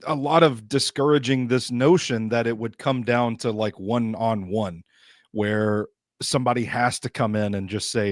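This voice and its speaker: A man co-hosting a sports talk show, giving measured conversational analysis. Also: mid-range voice, no room sound, clean studio sound. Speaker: co-host.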